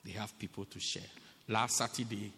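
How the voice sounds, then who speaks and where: A man preaching a sermon to a congregation in an animated, playful, teasing way, heard with long reverb in a church hall. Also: lowish voice, normal speed.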